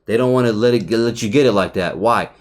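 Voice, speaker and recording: A man with a slightly low voice talks through a trading chart in a casual recap. He is loose and profane, often restarts his sentences, and keeps checking in with "right?". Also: fast talker. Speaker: trader reviewing a chart.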